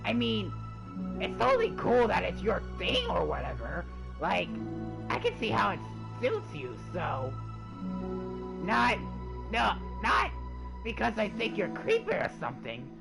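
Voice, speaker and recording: A woman's voice: medium pitch, wildly swooping pitch, unhurried, vocal fry, over music, voice pushed up, exaggerated voice. A woman voicing a flustered, prickly teenage schoolgirl who stammers and rambles defensively.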